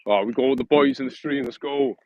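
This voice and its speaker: A man's voice: medium pitch, a little fast, darkish tone, highs cut off, slight background noise. A man hosting a casual livestream outdoors, rambling and correcting himself in a friendly, matey way. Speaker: livestream host.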